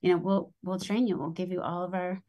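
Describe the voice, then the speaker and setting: A woman's voice: brisk, lo-fi sound. Chatty woman telling a long story. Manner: chatty and animated, acts out quoted voices with rising pitch. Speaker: podcast guest, school lunch program founder. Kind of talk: casual storytelling in an interview.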